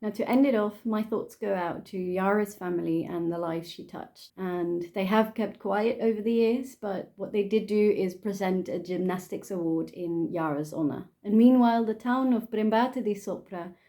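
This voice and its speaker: A woman's voice: mid-range voice, moderate pace, few pauses, warm tone. Sarcastic Dutch woman telling a crime story. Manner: chatty, sarcastic asides, frequent laughs. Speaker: true crime YouTuber. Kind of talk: casual true crime narration.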